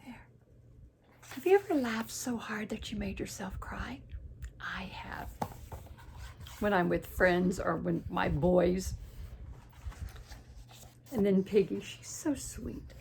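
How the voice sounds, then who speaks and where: Slow, gentle storytime teacher, a woman. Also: mid-range voice, animated, creaky, a little hiss or hum. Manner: gentle, questions and asides to young listeners. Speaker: teacher reading aloud. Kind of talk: children's storytime reading.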